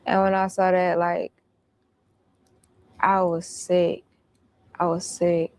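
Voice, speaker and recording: A woman's voice: lowish voice, level tone, slow, darkish tone. A woman recounting events in casual storytelling, blunt and profane.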